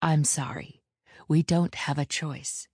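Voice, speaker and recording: A woman's voice: deep voice, fairly even intonation, takes it slowly, a little mellow, breathy edge, no echo, clean studio sound, heavily acted. A woman voicing a stern, commanding female elder witch who speaks in clipped, authoritative lines in an audiobook.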